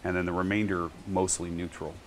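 A man's voice: low-pitched, a little fast, a little hiss or hum. A man, a winemaker, telling stories in a casual podcast interview and acting out what others said. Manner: animated storyteller, acts out quotes. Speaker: guest winery owner and winemaker.

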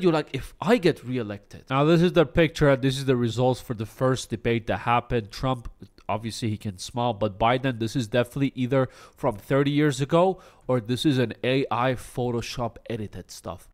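A man's voice: mid-range voice, a little mellow. A young man vlogging comedic political commentary in a mocking, sarcastic way.

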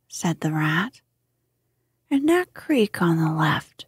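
A woman reading a bedtime storybook in whispered role-play, her voice a breathy, airy hush. She takes it very slowly, in a dark and mellow tone. The mic sits close in a dry, quiet space. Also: deep voice, very animated, dry recording. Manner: soft, slow bedtime storytelling. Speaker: sleep story reader.

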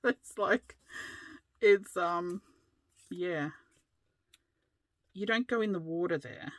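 An Australian woman in her fifties hosts a crafting vlog, telling a rambling, chatty story and laughing often. Her voice is lowish and her pace slow, with no echo.

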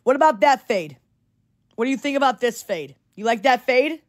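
A woman's voice: fairly high pitch, animated, normal speed. A woman livestreaming to her chat, talking casually and earnestly, repeating herself and checking in with "okay?" as she urges viewers to ignore online hate. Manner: repetitive, keeps adding "okay?" to reassure viewers.

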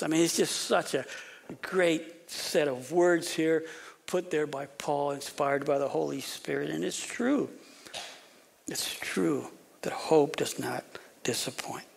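A pastor preaching an animated sermon, often repeating words and dropping to a whisper for emphasis. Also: male voice, fairly high pitch, creaky, slightly rough. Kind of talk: expository sermon.

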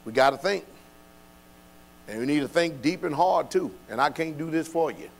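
A man leads a Bible study with an emphatic preaching cadence, repeatedly asking rhetorical questions in informal speech that drops verbs. His voice is fairly high, gravelly and animated at a moderate pace, over a low electrical hum.

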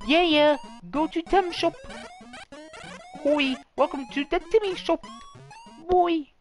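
Man doing a squeaky Temmie creature. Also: slow, faint music behind. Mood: excited. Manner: broken baby-talk grammar, squeaky and excited. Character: hyper cute little cat-dog creature shopkeeper.

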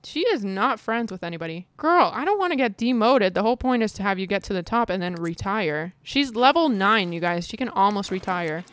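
A woman giving casual, excitable commentary over her own gameplay, chatting with viewers and reacting dramatically. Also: mid-range voice, fairly quick, hardly any pauses, smooth, no room sound. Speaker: gaming video creator.

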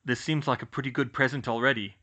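A man's voice: medium pitch, steady tone, fast. A man voicing a cheeky, teasing teenage boy wizard in an audiobook. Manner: teasing, louder than narration.

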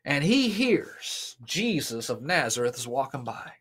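Slow, dramatic male preacher. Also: mid-range voice, very animated, fairly bright tone, slightly rough. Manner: dramatic, varied, emphatic. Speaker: pastor. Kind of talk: sermon storytelling.

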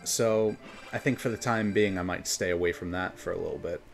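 A New York man with a low, gravelly voice and a New York accent streams a game, chatting briskly and rambling from topic to topic as he comments on the gameplay. Faint game music plays in the background.

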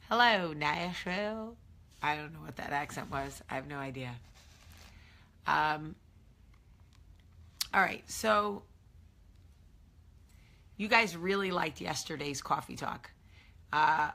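A woman in her thirties chats to her audience on a morning live stream. Her voice sits low yet sounds bright and forward. She rambles easily, with plenty of fillers. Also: slight background noise. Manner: chatty, rambling with many fillers. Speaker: host.

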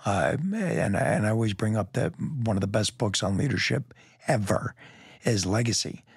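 Gravelly raspy guy, middle-aged cop on a podcast, blunt, keeps saying man, dry close sound. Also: on the low side, animated, normal speed, dry recording. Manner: emphatic, blunt, frequent "man" and "you know", repeats words. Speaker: police lieutenant guest. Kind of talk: candid conversational storytelling.

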